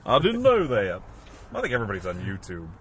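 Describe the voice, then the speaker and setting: Talking fast in a lowish voice with wildly swooping pitch and a somewhat bright tone, this man co-hosts a podcast, rambling through casual chat full of fillers and restarts. Slight background noise can be heard.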